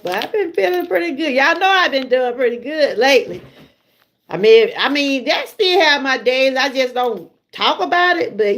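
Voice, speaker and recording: Chatty Southern woman livestreaming. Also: a little high. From Georgia, USA. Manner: chatty, laughs often, talks straight to viewers. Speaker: livestream host. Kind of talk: casual livestream chat.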